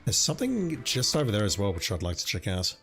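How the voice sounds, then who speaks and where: A man streaming a video game, musing to himself in casual commentary, his voice slightly hoarse. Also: lowish voice, fast. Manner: relaxed, musing to himself as he plays.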